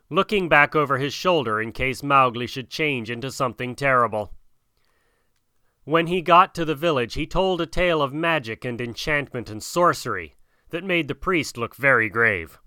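A man reading a storybook aloud in an expressive, dramatic way. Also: mid-range voice, normal speed, clear, resonant tone, no room sound, studio quality. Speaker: narrator.

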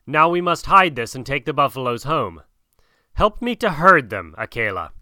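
A man's voice: medium pitch, sing-song, moderate pace, pushed and bright, dry recording. A man voicing a proud young boy raised in the jungle, speaking in a commanding, scornful way.

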